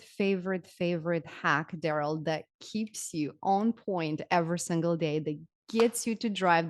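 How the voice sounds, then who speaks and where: Smooth, low-toned woman host. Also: dry recording, studio quality. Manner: uplifting, flowing, repeats words for emphasis. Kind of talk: inspirational interview talk.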